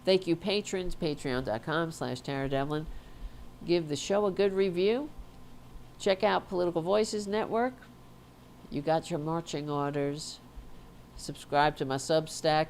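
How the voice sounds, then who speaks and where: A woman's voice: low voice, steady tone, a little slow, darkish tone, slight background noise. A woman hosting a political talk show, congested and stuffed up, talking bluntly and indignantly with profanity and frequent restarts. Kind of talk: opinionated political commentary.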